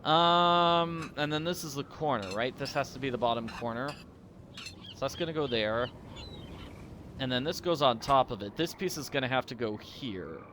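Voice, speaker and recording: A man's voice: mid-range voice, normal speed, background noise. A man giving goofy, rambling, self-deprecating commentary as he plays a mystery game. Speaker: let's-play host. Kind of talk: casual gameplay commentary.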